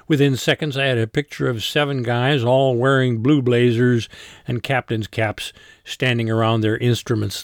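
Male narrator, first-person audiobook, even dry read, some vocal fry, booth-dry sound. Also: medium pitch, no room sound.

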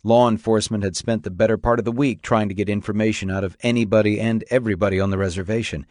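A man narrating a novel in a steady, even storytelling manner. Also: lowish voice, quick pace, dry recording, studio quality. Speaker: audiobook narrator. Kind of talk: scripted narration.

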